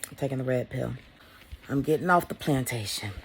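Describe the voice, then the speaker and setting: A woman vlogger delivers a casual motivational monologue, blunt and profane, swinging from loud emphasis to hushed whispers. Her voice rumbles low and runs a little fast over a noisy background.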